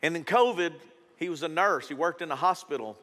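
A man's voice: a little high, fairly quick, fairly bright tone. A middle-aged man, preaching a sermon in a conversational, storytelling way with strong emphasis. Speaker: pastor. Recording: reverberant church hall.

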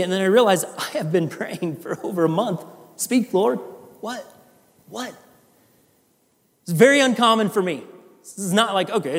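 Male pastor, high voice, earnest conversational sermon, long church reverb. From Iowa. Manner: earnest, conversational with fillers and restarts. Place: church sanctuary.

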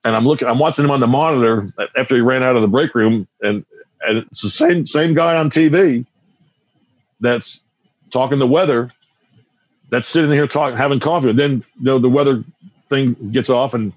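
A man's voice: mid-range voice, normal speed, dry recording. A man in his sixties, a guitar teacher and radio broadcaster, telling stories in a casual interview, rambling and often restarting his sentences.

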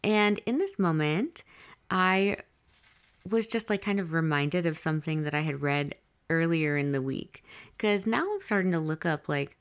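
A woman's voice: low-pitched, measured pace, clear, resonant tone. A woman hosting a confessional diary podcast, telling a personal story candidly and with swearing, speaking straight to her listeners. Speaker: podcast host.

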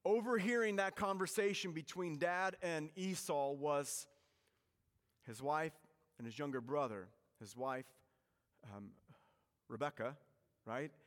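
Animated preacher in a reverberant hall. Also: male voice, a little high, a little slow, pauses often. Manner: animated storytelling preacher, swings from loud to hushed. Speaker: pastor. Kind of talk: sermon.

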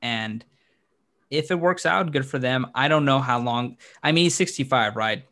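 A man co-hosting a sports podcast, talking casually in a mid-range voice. He gets animated and laughs a lot, and his pitch leaps upward when something excites him. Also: normal speed. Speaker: podcast co-host.

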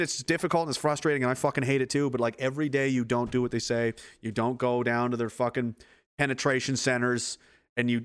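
A man's voice: mid-range voice, a bit bright, clean tone. A man delivering a fierce, profane motivational rant, swearing freely and hammering his points with repetition.

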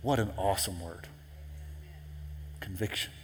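A man's voice: mid-range voice, fairly even intonation, moderate pace, big-room sound, a little hiss or hum. A man preaching a sermon as pastor in a church, conversational and repetitive, now and then rising to emphatic peaks. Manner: conversational, repeats words and restarts, rises to emphatic peaks. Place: church sanctuary.

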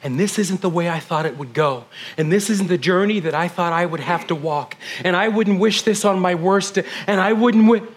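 A middle-aged man preaching a sermon as pastor, swinging from loud emphatic declarations to hushed, almost whispered passages. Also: high voice, lively intonation, normal speed.

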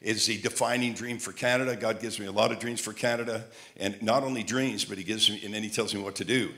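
A man preaching a sermon, telling lively stories and repeating phrases like a chant. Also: fairly low pitch, fast talker. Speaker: traveling preacher. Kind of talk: sermon with storytelling.

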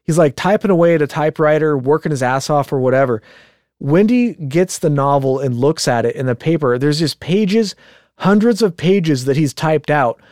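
A man co-hosting a casual podcast chat, telling a story in an animated way, swearing freely and acting out quotes. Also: a little high, moderate pace, no room sound, studio quality. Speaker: podcast co-host.

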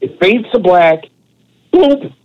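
A man co-hosting a podcast, telling a long, animated, profane anecdote in a casual way. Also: fairly high pitch, measured pace, dull audio, slight background noise. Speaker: podcast co-host. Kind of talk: casual storytelling.

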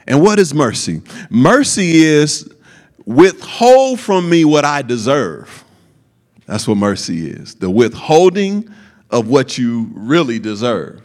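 Casting: male preacher, unhurried deliberate delivery, emphatic, folksy asides to the congregation. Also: sing-song, darkish tone. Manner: slow, emphatic preaching with sudden high acted quotes and folksy asides. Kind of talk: sermon.

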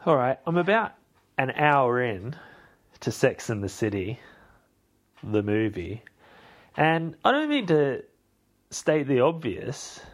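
A young man, hosting a podcast and recapping a film in a rambling, self-mocking way. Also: medium pitch. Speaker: podcast host. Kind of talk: casual chat recapping a film.

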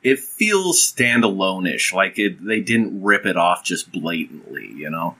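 Low, lively man with playful humor. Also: measured pace. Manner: amused, playful, laughs at his own jokes. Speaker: podcast co-host. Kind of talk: casual anime podcast chat.

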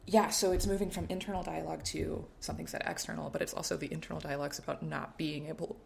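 An enthusiastic podcast co-host talks animatedly about a novel, with a gravelly, creaky edge to the voice. Faint noise sits under the recording. The speaker often drops into quotes read aloud from the book. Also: mid-range voice, quick pace. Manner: enthusiastic, animated, reads passages aloud, often trails into soft murmured reading. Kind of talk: casual literary discussion with read-aloud passages.

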